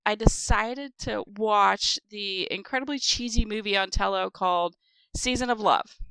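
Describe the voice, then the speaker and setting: Bright, crisp-voiced woman chatting on a podcast. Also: mid-range voice, moderate pace, no room sound. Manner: rambling, chatty storytelling with many fillers. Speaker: podcast co-host. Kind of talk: casual chat.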